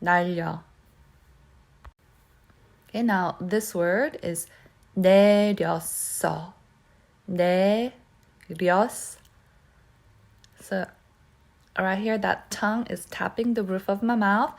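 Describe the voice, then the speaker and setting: A woman teaching pronunciation who repeats words slowly and keeps checking in with "okay?". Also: mid-range voice, fairly even intonation. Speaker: Korean language teacher. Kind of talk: pronunciation lesson.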